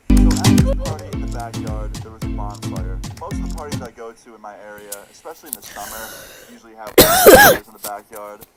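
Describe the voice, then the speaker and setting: A man's voice: on the low side, rough recording. Laid-back young man telling a story. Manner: laid-back, slangy, swears casually. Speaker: storytime YouTuber. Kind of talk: casual storytime narration.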